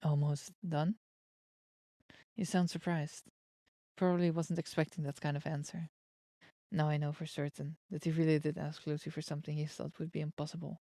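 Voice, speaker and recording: A young woman streamer reading a story game aloud, steady in the narration and breaking into excited outbursts. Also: low-pitched, a little fast, vocal fry, no echo, studio quality. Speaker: virtual streamer. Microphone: streaming mic. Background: soft game music.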